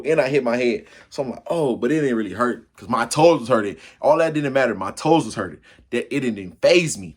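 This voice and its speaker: Husky man telling a funny story. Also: medium pitch. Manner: animated, acts out yells and crashes; casual slangy chat to viewer.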